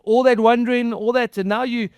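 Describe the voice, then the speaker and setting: A man preaching a conversational sermon as pastor, earnest and halting, often repeating and restarting his words. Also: very high voice, steady tone, darkish tone, smooth, no echo. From outside the US.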